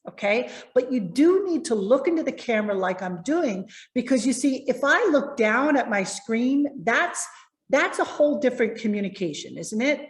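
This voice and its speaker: A woman presentation coach giving lively, encouraging tips to viewers over a video call. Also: on the high side, normal speed, roomy sound.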